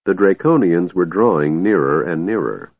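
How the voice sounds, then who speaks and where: A man reading a fantasy audiobook as an expressive storyteller, on a tinny, dry recording. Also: sits low, moderate pace, dry recording. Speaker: audiobook narrator. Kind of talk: scripted audiobook narration.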